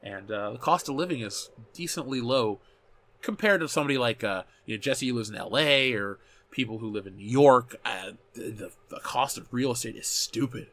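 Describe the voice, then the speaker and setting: A man in his thirties hosting a loose, unscripted talk show and answering his viewers' comments. His delivery is animated and peppered with swearing, with frequent restarts as he corrects himself. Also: mid-range voice, moderate pace. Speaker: show host reading live chat. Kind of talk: casual chat.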